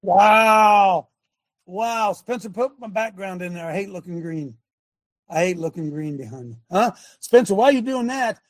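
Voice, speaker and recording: A man's voice: sits high, animated, a little slow, dry recording. A man preaching casually on a live show, folksy and emphatic, calling out to his tech crew.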